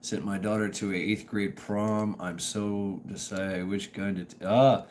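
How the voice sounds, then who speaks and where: A middle-aged man with a strained, hoarse voice, hosting a casual live stream and rambling, halting as he greets viewers by name. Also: lowish voice, fairly even intonation, darkish tone, slight background noise. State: strained voice from dusty work.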